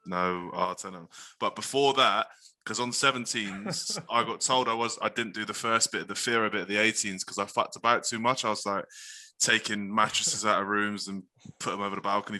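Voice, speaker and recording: A man's voice: lowish voice, pushed and bright. A man co-hosting a podcast, telling a laid-back, sweary anecdote in casual chat. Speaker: podcast co-host.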